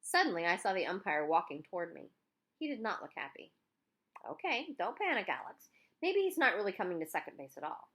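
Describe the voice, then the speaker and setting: A woman reading a children's novel aloud in an expressive first-person narration. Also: on the low side, fast talker. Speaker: audiobook reader.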